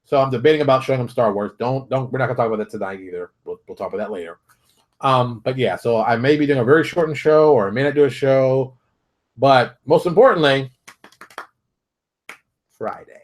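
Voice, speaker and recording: A man hosting his own show, talking straight to viewers in a fired-up, preachy rant full of rapid rhetorical questions. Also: mid-range voice. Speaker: show host. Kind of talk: animated solo commentary.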